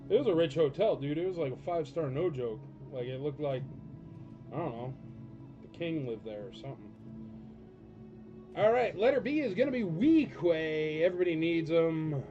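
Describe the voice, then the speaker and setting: A chatty man hosts a live auction stream, rambling off into jokes and talking straight to his viewers. His voice sits a touch high for a man. The audio is dull and lo-fi, with loud music playing underneath. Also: very animated, normal speed, pauses often.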